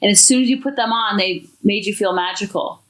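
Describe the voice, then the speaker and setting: A woman hosting a parenting podcast, talking in a chatty, animated, expressive way. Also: mid-range voice, brisk. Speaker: podcast host. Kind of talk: casual parenting talk. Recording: echoey room.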